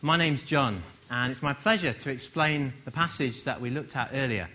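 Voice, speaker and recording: A man from England giving a conversational sermon, gently humorous and full of rhetorical questions. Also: mid-range voice, moderate pace. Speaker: preacher.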